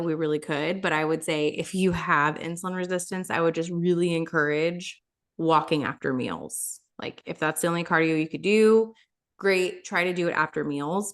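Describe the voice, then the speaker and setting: A woman with a somewhat low voice co-hosts a casual podcast chat. She gives friendly, practical health advice in an easy, explanatory way.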